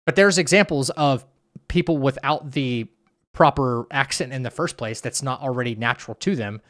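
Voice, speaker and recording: With a mid-range, slightly bright voice at a moderate pace, a man casually chats on stream while reading live chat. He rambles, reacting to viewers and often stammering or beginning his sentences again.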